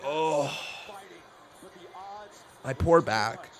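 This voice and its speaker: Excitable man calling the action live. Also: on the high side, very slow. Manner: excitable, calls the action and counts along. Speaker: live stream host. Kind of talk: casual watch-along commentary.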